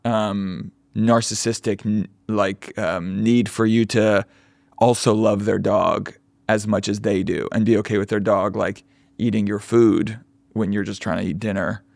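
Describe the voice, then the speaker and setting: A young man co-hosting a podcast, ranting with sarcastic, quick asides in casual banter, close to the mic. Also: on the low side, level tone, creaky, darkish tone, no echo. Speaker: podcast co-host.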